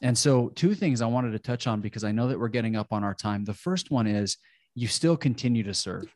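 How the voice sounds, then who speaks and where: A man's voice: medium pitch, animated, brisk, darkish tone, no room sound. A man hosting a podcast, talkative and affirming as he responds to his guest and asks questions. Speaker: podcast host. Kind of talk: casual interview conversation.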